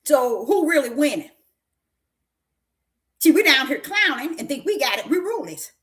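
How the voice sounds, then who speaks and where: Woman preacher, high and lively voice, folksy, emphatic, questioning the congregation. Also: moderate pace. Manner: emphatic, repetitive, questioning the listeners; folksy, with breaks into laughter. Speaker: prophetess preaching. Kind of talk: sermon.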